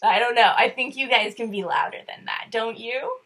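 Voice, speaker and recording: A woman reading a picture book to young children in an animated voice, coaxing them to count and whisper along. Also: on the high side, moderate pace, very noisy. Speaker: children's story reader.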